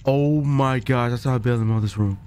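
A man hosting a gaming video, giving casual, slangy let's-play commentary and yelling in fright. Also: medium pitch, normal speed, a little hiss or hum. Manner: excitable, yells in fright, slangy.

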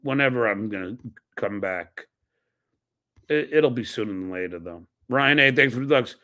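A man's voice: medium pitch, lively intonation, normal speed, bright, forceful tone. A man hosting a podcast, reading out viewer donations and firing back blunt, profane retorts. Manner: reads messages aloud and snaps back with blunt, profane retorts. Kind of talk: casual live-stream chat.

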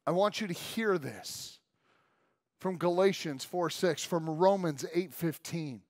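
A man preaching a sermon to his church in a casual, emphatic way, often saying "like" and swinging between loud and soft. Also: fairly high pitch, slow pace, no echo, clean studio sound. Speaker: pastor. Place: church service room.

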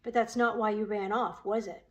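A woman's voice: mid-range voice, fairly even intonation, normal speed, fairly bright tone, natural voice. A woman voicing a tall, tough schoolgirl who speaks snidely and threateningly.

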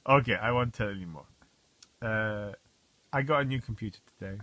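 A man casually vlogging at home, telling rambling stories in a wry, often quiet way. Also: fairly low pitch, a little fast, pauses often, no room sound. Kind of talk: casual diet vlog.

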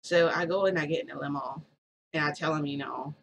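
A woman's voice: deep voice, fairly quick, vocal fry, slight background noise, poor audio. A woman vlogger telling a story in a rambling, casual way, full of "like" and restarts.

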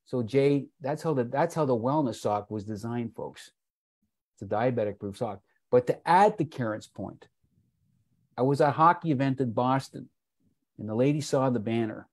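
Speaking at a moderate pace in a medium-pitched voice, a man presenting wellness products shares a folksy sales story over a video call. He repeatedly addresses everyone as "folks" and plays out the characters' quotes.

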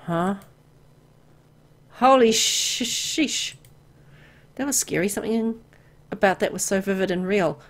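Young woman, mid pitch, reading a horror game aloud. Hushed and eerie, jumpy when startled. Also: unhurried, long pauses. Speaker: game player reading a visual novel aloud. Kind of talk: dramatic horror story reading.

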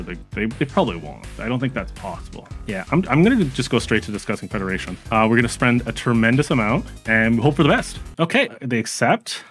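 A man casually commenting on his strategy game stream, chatting with viewers and reacting as he goes, with frequent fillers and restarts. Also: on the low side.

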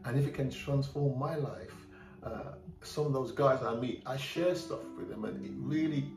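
A man's voice: medium pitch, normal speed. A middle-aged man from England giving a candid, plain-spoken personal testimony in a church. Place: church hall. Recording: roomy church hall from a distant mic, faint music.

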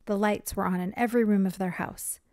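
Storybook reader, woman, expressive; dry close sound. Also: medium pitch, a little fast, no room sound. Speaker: read-aloud narrator. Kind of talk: children's storybook reading.

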